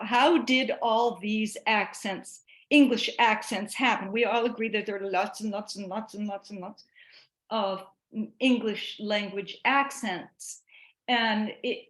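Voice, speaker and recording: A woman giving a chatty online talk to teachers, animated and given to restarts. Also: a little high, roomy sound. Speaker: presenter.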